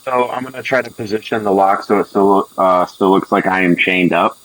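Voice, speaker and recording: A man's voice: low-pitched, little pitch movement, fairly quick, fairly bright tone, poor audio. A man playing a rogue in a tabletop game, hesitant and thinking aloud with many fillers. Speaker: player.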